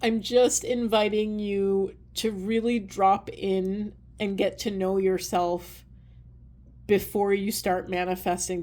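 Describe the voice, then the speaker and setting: A woman giving a spiritual oracle card reading, talking softly and earnestly, wandering through her thoughts with many fillers. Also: mid-range voice. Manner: soft, earnest, meandering with fillers.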